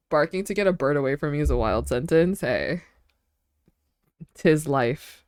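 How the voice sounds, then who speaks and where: A woman's voice: deep voice, animated, takes it slowly, darkish tone, dry recording, studio quality. A young woman streamer chatting casually with her audience, telling rambling stories full of fillers and giggles. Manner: rambling, filler-heavy storytelling with frequent giggles.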